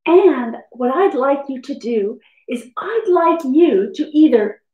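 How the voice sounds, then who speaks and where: Woman teacher, high voice, animated, slow pace, roomy echo. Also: phone-quality sound. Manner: sing-song, encouraging, speaks slowly to young children. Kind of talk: children's lesson video.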